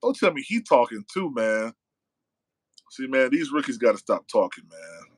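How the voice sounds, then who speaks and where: A man's voice: mid-range voice, very animated, normal speed, no room sound, poor audio. A man hosting a casual live-stream podcast. He talks in a loose, slangy way, reads viewer comments aloud and tacks "man" onto his sentences. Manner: loose and conversational, reading chat aloud, slangy with frequent "man". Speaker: podcast host.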